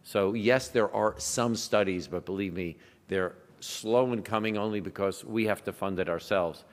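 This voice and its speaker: Man from the US, low voice, physician lecturing, anecdotal and chatty, long hall reverb. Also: normal speed. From United States. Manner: anecdotal, conversational, with asides. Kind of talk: conference talk.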